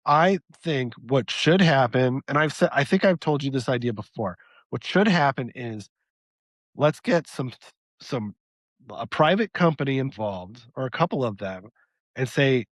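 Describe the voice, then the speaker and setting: A man's voice: medium pitch, expressive, measured pace, no room sound. A man co-hosting a podcast, talking through a policy plan step by step in a casual debate. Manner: thinks aloud, lays out a plan step by step. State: losing his voice. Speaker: podcast co-host.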